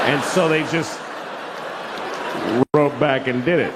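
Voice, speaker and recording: A man in his forties performing a stand-up comedy routine, animated and dropping into exaggerated put-on voices. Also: on the high side, measured pace, long pauses, very noisy. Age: 40s. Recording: live show in a reverberant hall.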